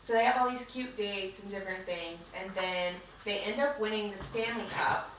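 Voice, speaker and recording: A woman's voice: mid-range voice, moderate pace. A woman co-hosting a podcast, casually recapping a book in a chatty, rambling way full of "like". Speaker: podcast co-host. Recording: very echoey room, distant mic, faint hiss.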